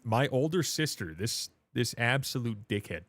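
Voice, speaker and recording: Male streamer, late twenties, loose joking chatter, mid-pitched voice. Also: expressive, moderate pace, a bit bright, no room sound. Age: 20s. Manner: joking, rambling, self-mocking. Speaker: livestream host. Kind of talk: casual livestream chat.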